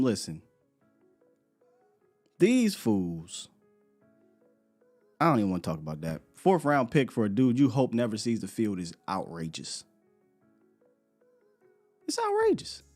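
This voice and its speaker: A man hosting a live morning sports show, talking in an animated, rambling way and laughing often. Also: medium pitch, a little slow, pauses often, faint music behind. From United States.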